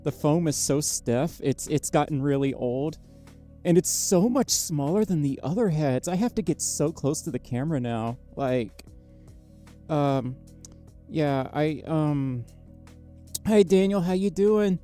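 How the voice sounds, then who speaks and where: A tired livestreamer chatting casually with viewers, speaking quietly and haltingly, with lots of fillers and a microphone right up against the mouth inside a costume head. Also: animated, faint music behind. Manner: quiet, low-energy, halting with many fillers. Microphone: microphone very close to the mouth inside a costume head.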